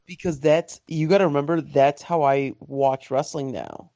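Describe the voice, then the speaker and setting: A man's voice: fairly high pitch, fairly even intonation, normal speed, warm tone, dry recording, dull audio. Emphatic male podcast co-host, dry sound. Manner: emphatic, enthusiastic opinions with swearing. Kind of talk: casual podcast chat.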